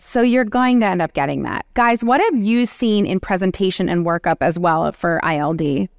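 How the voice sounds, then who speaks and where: Animated woman moderating a clinical panel. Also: on the low side, moderate pace, no room sound, clean studio sound. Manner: animated, acts out patient exchanges. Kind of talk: continuing-education panel discussion.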